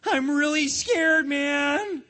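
A man voicing a frightened male restaurant customer in a frantic, shouting manner, read from a storybook. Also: extremely high pitch, unhurried, pitched above the performer's own voice. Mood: scared. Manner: shouting, panicky.

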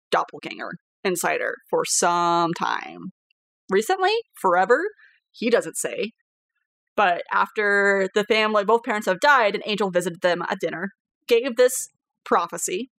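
A woman hosting a podcast as game master, chatting casually, animated, swearing freely and laughing often. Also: mid-range voice, no room sound.

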